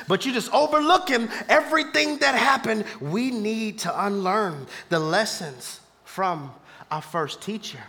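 A man preaching a sermon to a live church congregation, moving from hushed asides to shouted peaks and laughing along with the crowd. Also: high voice, animated, normal speed. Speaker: pastor.

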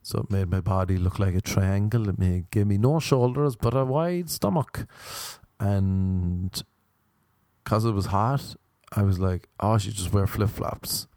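Rambling Irish man with a mellow voice. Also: fairly low pitch, measured pace, no echo, studio quality. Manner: rambling, self-deprecating. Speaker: podcast host. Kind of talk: casual comedic storytelling.

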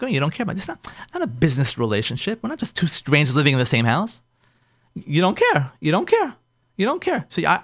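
Animated rabbi host with a lively voice. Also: male voice, a little high, dry recording, clean studio sound. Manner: emphatic, repeats phrases, acts out what spouses say. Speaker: rabbi and show host giving marriage advice. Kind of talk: advice talk to listeners.

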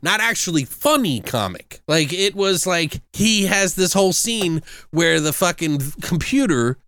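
A man's voice: high voice, expressive, measured pace, a bit bright, clean tone, no echo, studio quality. A young man co-hosting a movie review, talking casually in a profane, rambling way and laughing at his own jokes. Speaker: podcast co-host reviewing a movie. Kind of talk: casual chat.

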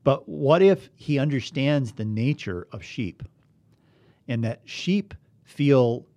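A man's voice: medium pitch, animated, slow pace, mellow, no room sound. A man teaching a bible study, reading scripture aloud and asking his listeners earnest, emphatic questions.

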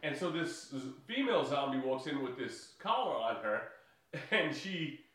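A man's voice: medium pitch, big pitch swings, normal speed, fairly bright tone, distant mic. A man recapping a movie in casual podcast chat, rambling with many fillers and laughing often. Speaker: podcast co-host. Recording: echoey room, voice off-mic.

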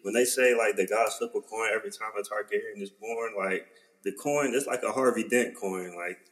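Low-pitched hyped slangy man. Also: fairly quick, poor audio. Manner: excited, slangy, swearing, heavy "like" filler. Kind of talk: casual chat.

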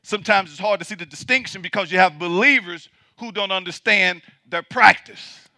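A male pastor preaching a sermon emphatically, repeating his points and swinging between loud declarations and quiet asides. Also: high voice, moderate pace, dry recording, clean studio sound.

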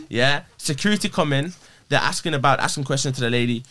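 A young man, a podcast guest, telling a story in casual chat, slangy and animated, swearing freely and checking that his listener is following. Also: mid-range voice, fast talker, hardly any pauses. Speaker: podcast guest, prank creator.

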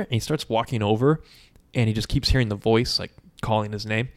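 A man in casual podcast chat, recapping a movie with lots of swearing and quick quoted voices. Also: on the low side. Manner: profane, animated storytelling with quick quoted voices.

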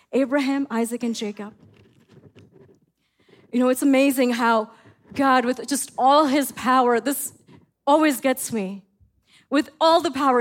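A middle-aged woman pastor preaching a sermon, telling family stories in an animated way and acting out her own lines. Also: high voice. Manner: animated storytelling, acts out her own quotes.

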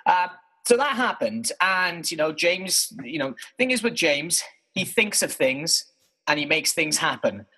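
A man, co-host of a podcast, casually telling stories from his bedroom in an animated, self-mocking way, swearing freely. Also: on the high side, unhurried, slightly rough, low-quality recording. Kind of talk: casual storytelling monologue.

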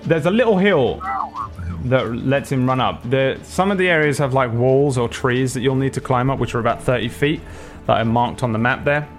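A man's voice: mid-range voice, animated, moderate pace, over music. Rambling young man running a tabletop game. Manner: rambling, laughs often, many fillers. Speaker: game master.

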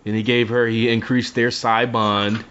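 Over dull lo-fi audio, a podcast co-host recaps a book in casual conversation, acting out the characters' lines as he goes. His medium-pitched voice is clear and resonant, moving at a normal speed.

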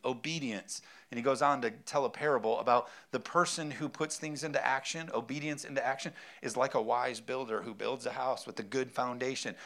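A man's voice: medium pitch, fairly bright tone. Emphatic male preacher. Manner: emphatic preaching with repeated amens and rhetorical questions. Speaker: pastor. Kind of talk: sermon.

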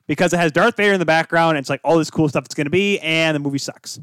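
A young man co-hosting a casual sports podcast chat, excitable and quick to get loud and emotional. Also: fairly high pitch, smooth, dry recording, studio quality. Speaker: podcast co-host.

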